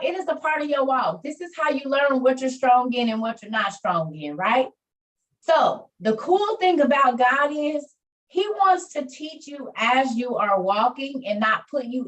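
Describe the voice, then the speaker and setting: Woman host on a video call, chatty, slightly higher voice, a bit off-mic, encouraging listeners. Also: far from the mic, rough recording. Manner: chatty, addresses listeners as y'all, preachy about faith. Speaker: online meeting host. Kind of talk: casual chat and encouragement to listeners.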